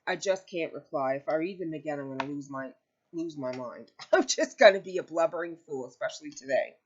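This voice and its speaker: Grieving woman talking softly to camera. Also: sits low, animated, brisk, slightly rough. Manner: tearful, rambling, heartfelt. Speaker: crochet vlogger. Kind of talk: casual chat to camera. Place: home, with pets nearby. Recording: dull lo-fi home video audio.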